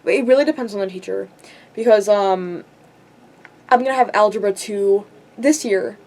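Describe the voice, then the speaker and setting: A woman's voice: mid-range voice, normal speed, a little mellow. A teenage girl in a rambling vlog rant, frustrated and self-deprecating, swearing often and filling her talk with "like". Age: teens. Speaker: vlogger. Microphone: camera.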